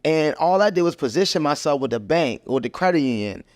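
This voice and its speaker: Slightly high-pitched and a touch fast, this man is a Baltimore-based financial educator guesting on a casual podcast. He's easygoing and agreeable, filling gaps with "like" and "yo," and the recording is dry and studio-clean.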